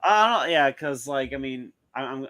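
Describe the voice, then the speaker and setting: A man chatting casually as a guest, animated and often stammering over his restarts. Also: medium pitch, normal speed. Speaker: guest, streamer and school counselor. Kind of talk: casual chat.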